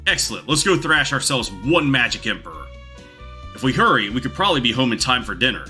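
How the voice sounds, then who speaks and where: A man's voice: mid-range voice, very animated, fast, pushed and bright, soft background music, voice pushed up. A man voicing a cocky, boastful young swordsman from a fantasy game, delivering his lines brashly.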